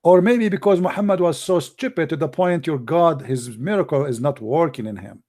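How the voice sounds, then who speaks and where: This apologetics show host, a Middle Eastern man whose first language is Arabic, runs a live debate program with a noticeable Arabic accent. His slightly high voice is expressive and moves at a moderate pace, with a forceful, emphatic, mocking edge.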